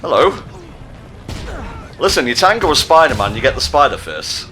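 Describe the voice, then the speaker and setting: A man playing a video game while making sarcastic, deadpan jokes, swearing freely. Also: medium pitch, moderate pace. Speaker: player in a gameplay video. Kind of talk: casual gaming commentary.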